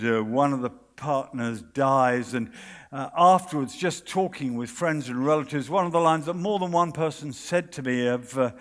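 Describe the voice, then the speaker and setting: A man with a British accent preaching a sermon at a conference, earnest and dramatic, dropping to a hush at key moments. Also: mid-range voice. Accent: British English. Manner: earnest, dramatic, with hushed pauses and quoted voices. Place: conference hall. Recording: long hall reverb.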